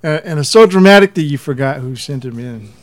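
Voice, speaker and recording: A man in casual chat, chiming in with quick reactions and laughs. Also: fairly high pitch, expressive, dry recording.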